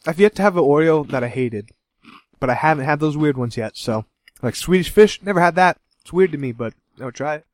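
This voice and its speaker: A man's voice: fairly high pitch, animated, a little fast, no room sound, clean studio sound. A man co-hosting a podcast taste test in casual chat, joking, laughing often and rambling through asides. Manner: jokey and giggly, rambling asides. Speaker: podcast co-host.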